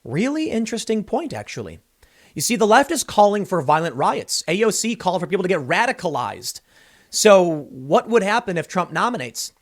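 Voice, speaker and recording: A man's voice: high voice, animated, brisk. A man hosting a political commentary show, reading news excerpts aloud and breaking in with casual remarks like "dude" and "man".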